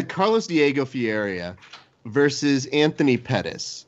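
A man's voice: medium pitch, huge pitch swings, a little slow. Male podcast co-host, casual rambling storyteller, lo-fi audio. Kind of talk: casual chat.

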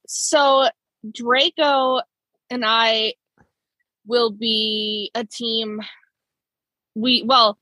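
A woman's voice: a little high, pushed and bright, no room sound, rough recording. An American woman from the Chicago area, co-hosting a podcast in chatty, casual talk with words running together. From Chicago area, USA. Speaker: podcast co-host. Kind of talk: casual chat.

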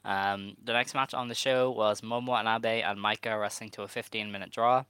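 A fairly low-voiced man with a Dublin accent, talking in loose, jokey podcast chat. His tone is bright and forward, and his voice comes through smooth and clean. He laughs often between points. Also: level tone, fairly quick, no room sound. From Ireland. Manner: chatty, laughs easily, loose and joking. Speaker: podcast co-host. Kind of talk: casual chat.

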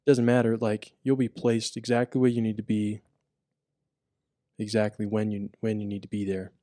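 Young male co-host, warm low voice, earnest and lively in retelling, dry close mic. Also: normal speed, dry recording. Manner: earnest, animated when retelling. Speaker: podcast co-host. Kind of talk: casual chat.

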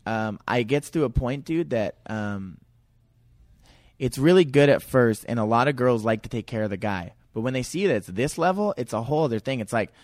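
A man of middling pitch speaks candidly as a podcast guest, rambling and restarting his sentences as he goes. The sound is dry and close, with no room echo. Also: animated, moderate pace, darkish tone. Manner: candid, rambling, repeats words and restarts often. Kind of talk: casual podcast conversation.

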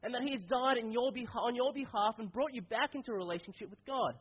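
A man's voice: very high voice, quick pace, breathy edge, lo-fi sound. A man preaching a sermon in a casual, conversational way, his voice stuffy and nasal from a cold.

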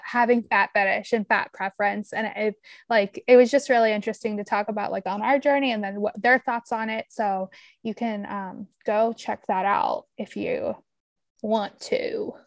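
A woman's voice: a little high, moderate pace, no echo. A woman co-hosting a podcast in casual chat, giggly and rambling, poking fun at herself. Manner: giggly, rambling, self-deprecating. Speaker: podcast co-host.

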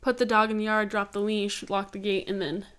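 A woman's voice: medium pitch, level tone, fairly quick, a bit bright, clean tone. A woman co-hosting a true-crime podcast, talking through theories in a loose, chatty way and laughing easily. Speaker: podcast co-host. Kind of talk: casual true-crime chat.

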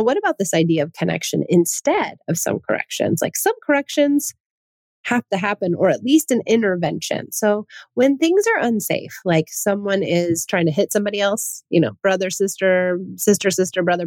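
A woman's voice: medium pitch, lively intonation, brisk, darkish tone, dry recording. A woman hosting a parenting talk, earnest and full of rhetorical questions, often restarting her sentences. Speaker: parenting podcast host. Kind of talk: casual advice talk.

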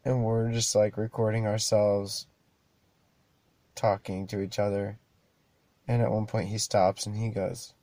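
A man's voice: fairly low pitch, little pitch movement, unhurried, long pauses, dark tone, no echo. A young man hosting a show alone, rambling casually, swearing often and laughing at himself. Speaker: podcast host. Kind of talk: casual monologue.

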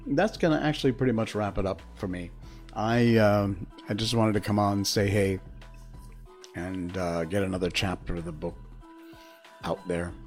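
Man, streamer reading a storybook aloud, slow and unhurried, lowish voice, faint music behind. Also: a little mellow. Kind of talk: storybook narration and casual stream chat.

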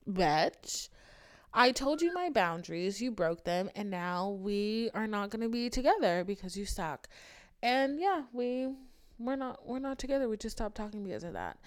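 A young woman hosting a podcast, telling a candid story in a casual chat, animated and swearing freely, with big swings in pitch and loudness. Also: normal speed, clean tone. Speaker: podcast host.

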